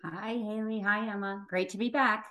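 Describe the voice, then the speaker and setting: A woman's voice: mid-range voice, fairly even intonation, normal speed, a bit bright. A woman guest on a podcast, talking casually at home in an easygoing, direct way. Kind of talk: casual chat. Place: home on the coast.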